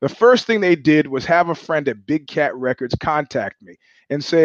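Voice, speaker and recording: A man's voice: on the high side, expressive, a little fast, no room sound, muffled recording. A man hosting his own show, answering listener questions and telling blunt, profane stories in a casual monologue. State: sweating. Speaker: podcast host.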